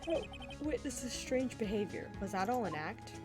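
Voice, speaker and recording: A woman's voice: a little high, very animated, normal speed. A woman reading the lines of an earnest, determined young male defense lawyer, with video game music playing behind.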